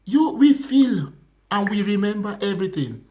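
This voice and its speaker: Young Nigerian preacher, earnest sermon voice, repeats lines, dips into whispers. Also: male voice, sits high, very animated, normal speed. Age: young adult. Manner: earnest, repetitive preaching that drops to hushed whispers.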